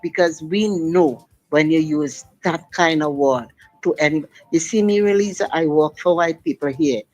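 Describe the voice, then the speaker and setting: A woman's voice: low voice, moderate pace, a little mellow, low-quality recording. A middle-aged woman calling in to a radio show, talking in long, emphatic, impassioned sentences over the phone. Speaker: radio caller. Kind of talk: call-in radio talk.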